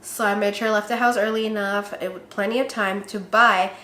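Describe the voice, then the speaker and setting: A young woman chatting in a casual vlog, bubbly and quick to laugh, acting out what others said. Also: medium pitch, steady tone, bright, forceful tone. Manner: bubbly, laughs often, acts out quoted voices. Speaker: vlogger. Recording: roomy echo.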